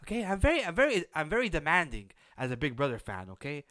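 A man's voice: a little high, wildly swooping pitch, fast, a bit bright, no room sound. A man hosting a podcast, giving a blunt, opinionated recap of a reality show in a casual, unsympathetic way. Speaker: podcast host.

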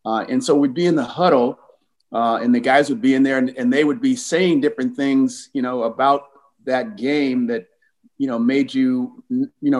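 A man in his sixties from California, a former football player telling lively game stories as an interview guest. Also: mid-range voice, rough recording. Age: 60s. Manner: animated, acts out the voices in his stories. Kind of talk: casual storytelling interview.

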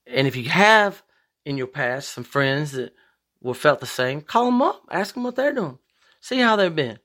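A man hosting a podcast, talking in a profane, rambling monologue with big emphatic swings in pitch. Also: sing-song, normal speed, fairly bright tone. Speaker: podcast host. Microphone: podcast microphone.

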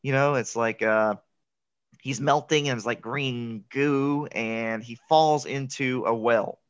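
A man's voice: medium pitch, steady tone, slow, clean tone. Chatty man recapping a movie, lo-fi. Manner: chatty, laughs often, filler-heavy. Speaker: podcast host. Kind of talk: casual movie recap chat.

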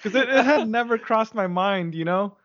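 A man around his forties co-hosting a podcast, talking in a relaxed, thoughtful way with lots of "you know" and "man.". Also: sits high, normal speed, highs cut off. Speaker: podcast co-host. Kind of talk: casual chat.

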